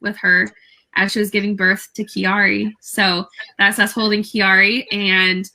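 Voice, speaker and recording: A young woman, a guest on a talk show, telling a story casually with many fillers and lively quoted dialogue. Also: medium pitch, unhurried, low-quality recording.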